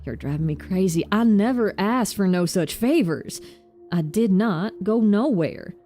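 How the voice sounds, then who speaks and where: A woman's voice: mid-range voice, animated, a little slow, dark tone, soft background music, lightly acted. A woman voicing an exasperated male homeowner with a Southern American accent, reading game dialogue aloud. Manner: gruff and exasperated. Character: irritated male homeowner who lives alone.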